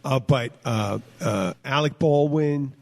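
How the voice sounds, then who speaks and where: A man's voice: medium pitch, creaky, darkish tone. Rambling, swearing male podcast host. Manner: rambling, halting, lots of fillers and restarts; swears freely. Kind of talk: casual podcast chat.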